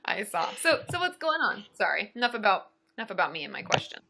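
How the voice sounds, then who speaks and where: A young woman, a therapist hosting a casual livestream, chatting brightly and answering viewer questions. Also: mid-range voice, very animated, quick pace, vocal fry.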